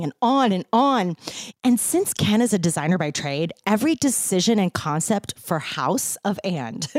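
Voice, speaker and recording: Woman telling her story, voice bouncing all over, super animated, dry close sound. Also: fairly high pitch, no room sound. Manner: animated, playful emphasis, upbeat slang. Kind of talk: personal storytelling monologue.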